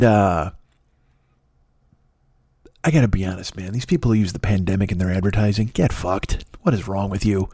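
A man's voice: deep voice, normal speed, long pauses, mellow, breathy edge, no echo, studio quality. Profane, rambling middle-aged man. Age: 50s. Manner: profane, self-deprecating, rambling. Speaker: podcast host. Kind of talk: rambling solo podcast monologue.

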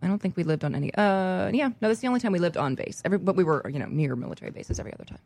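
A woman's voice: fairly low pitch, very fast, gravelly, dry recording. Laughing, chatty woman telling stories. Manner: animated storytelling, laughs often. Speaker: guest. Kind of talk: casual chat.

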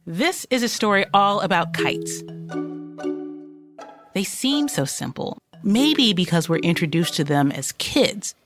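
A playful woman co-hosts the show, her pitch swinging lively as she speaks. Music plays clearly underneath her. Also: a little slow. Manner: expressive, playful. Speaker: podcast co-host. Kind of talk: casual chat. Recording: music bed behind voice.

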